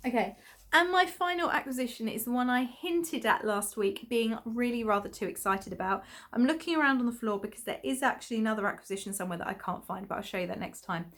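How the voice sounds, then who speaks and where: A woman's voice: on the high side, fast talker, fairly bright tone. A woman from England, hosting a podcast in a rambling casual chat full of ums and small laughs. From England (Essex). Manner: chatty, rambling with many ums and little laughs. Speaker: podcast host.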